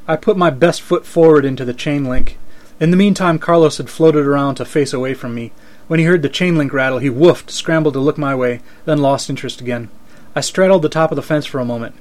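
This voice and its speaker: A man narrating a story aloud in an even, dry way. His voice sits slightly higher than most men's, and he keeps a steady reading rhythm. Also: fairly quick. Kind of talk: reading first-person fiction aloud.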